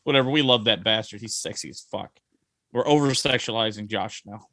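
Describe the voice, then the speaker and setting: A man's voice: on the low side, fairly quick, sharp tone, no echo. A man, co-hosting a casual movie review podcast and rambling with jokes and fillers. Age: 40s. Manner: rambling, jokey, many ums and uhs. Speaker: podcast co-host.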